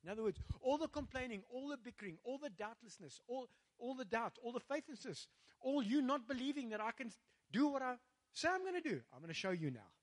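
A man's voice: very high-pitched, very animated, a little fast. A man with a South African accent preaching a rousing sermon, calling out to the congregation and slipping into Afrikaans phrases. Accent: South African English. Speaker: pastor.

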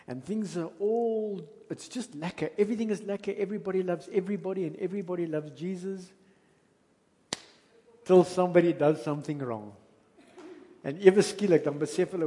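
South african pastor man preaching, chatty storytelling, dark mellow tone, big hall reverb. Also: high-pitched, fairly quick. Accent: South African English. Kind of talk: sermon. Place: church hall. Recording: long reverb of a church hall.

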